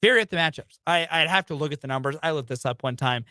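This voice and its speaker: A man's voice: fairly high pitch, fast talker, bright, forceful tone, dry recording, clean studio sound. A young man hosting a sports talk radio show, ranting emphatically about college basketball.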